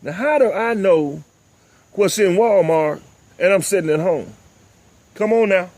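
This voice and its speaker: An older man, hosting a talk show and delivering impassioned, preachy commentary, often repeating "ladies and gentlemen.". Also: high voice, unhurried, no room sound. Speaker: host.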